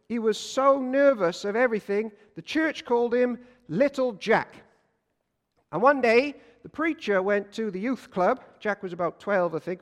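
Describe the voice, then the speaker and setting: High-voiced preacher in a church. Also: male voice. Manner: energetic storyteller, swings from loud to hushed. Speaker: pastor. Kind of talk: sermon. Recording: long church reverb.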